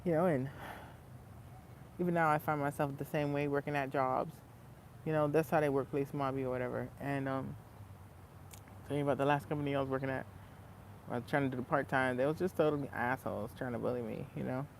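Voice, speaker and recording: A man's voice: mid-range voice, fairly quick, creaky, long pauses, a little hiss or hum. A man telling a story in a casual, profane rant as a vlogger, breaking into laughs. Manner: animated, profane, laughs between lines.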